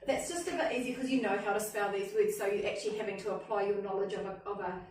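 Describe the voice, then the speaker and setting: Speaking quickly in a medium-pitched, slightly mellow voice, the literacy trainer keeps her hands-on workshop upbeat and peppers it with "okay?" and "cool?" The sound is echoey and distant, with faint noise underneath.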